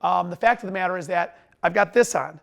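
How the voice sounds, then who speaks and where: Fast-talking, high-voiced male sales trainer. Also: gravelly. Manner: energetic, emphatic, talks fast and mumbles words together. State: tired after a long lecture. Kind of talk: direct-to-camera sales lesson.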